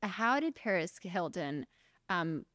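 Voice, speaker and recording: A woman in her thirties hosting a casual interview, chatty and quick to laugh, often restarting her sentences. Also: fairly low pitch, big pitch swings, fairly bright tone, no echo, clean studio sound. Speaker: podcast host, interviewer.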